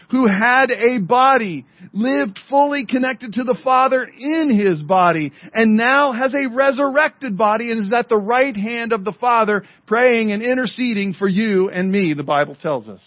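A man preaching a sermon as pastor, speaking emphatically to the congregation and online viewers, slowing down and dropping to a murmur for effect. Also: extremely high pitch, dry recording. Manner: emphatic preaching with dramatic slowdowns and drops to a murmur. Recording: dull lo-fi sermon audio.

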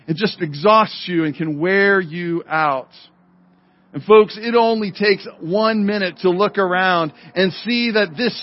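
High-voiced preaching pastor, dry lo-fi audio. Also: male voice, no echo. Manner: emphatic preaching with dramatic slowdowns and drops to a murmur; addresses the congregation and online viewers directly. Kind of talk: sermon. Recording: dull lo-fi sermon audio.

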